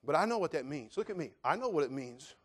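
A middle-aged male pastor preaching a sermon and telling a folksy personal story, dropping low and then rising to shouts. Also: sing-song, quick pace, breathy edge.

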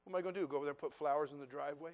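An older man delivers a sermon in a high voice. He tells his story in hushed, quiet passages, then climbs to loud, fervent preaching. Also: very fast. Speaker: pastor.

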